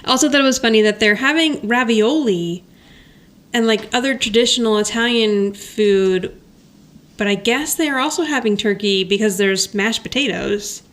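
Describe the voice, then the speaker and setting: A woman's voice: fairly high pitch, moderate pace, a bit bright. A woman co-hosting a podcast, chatting casually as she recaps a sitcom episode, laughing often and acting out the characters' lines. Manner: chatty, giggly, acts out lines from the show. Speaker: podcast co-host.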